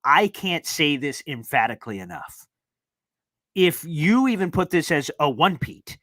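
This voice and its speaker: A young man hosting a live sports fan call-in show, talking in an excitable, rambling and emphatic way. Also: fairly high pitch, no room sound. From northeastern United States.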